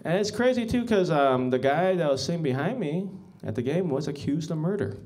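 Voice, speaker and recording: A male comedian with a fairly high voice that swings widely up and down, rambling through a stand-up set as the emcee. He mocks himself and chuckles at his own lines. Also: animated, brisk, a little mellow. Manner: rambling, self-mocking, with chuckling asides.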